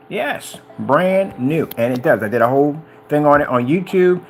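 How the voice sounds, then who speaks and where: A man talking casually and excitedly about projectors, rambling and wandering off topic. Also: a little high, moderate pace, hardly any pauses, soft background music. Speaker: business owner reviewing projectors.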